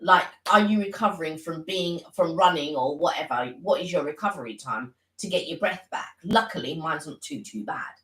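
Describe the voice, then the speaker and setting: A woman's voice: sits low, lively intonation, normal speed, few pauses, fairly bright tone, roomy sound, rough recording. A woman co-hosting a casual live stream, talking earnestly and rambling with many restarts.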